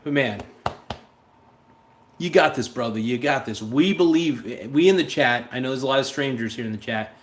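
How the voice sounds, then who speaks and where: Male stream host, mid-pitched, casual and rambling, blunt with chat. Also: normal speed, slight background noise. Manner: rambling, blunt, reads viewer chats aloud. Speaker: livestream host.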